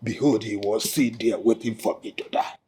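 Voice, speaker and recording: A man's voice: lowish voice, brisk, warm tone. A man with a Nigerian accent playing an aggrieved titled elder who dramatically recounts being beaten. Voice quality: gravelly, raspy. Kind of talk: Nollywood film acting.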